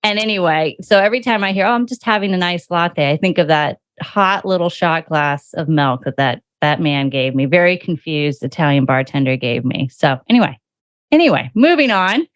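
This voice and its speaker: A woman's voice: low voice, lively intonation, moderate pace, dry recording. A woman hosting a podcast interview, chatty and storytelling, acting out little exchanges as she goes. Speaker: podcast host. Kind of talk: casual interview chat.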